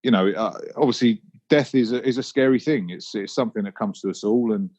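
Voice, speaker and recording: A man's voice: lowish voice, brisk, a little mellow, highs cut off. A man with a Cockney London accent, hosting a solo podcast and telling personal stories in a reflective way. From London, England. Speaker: podcast host. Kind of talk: casual solo podcast monologue.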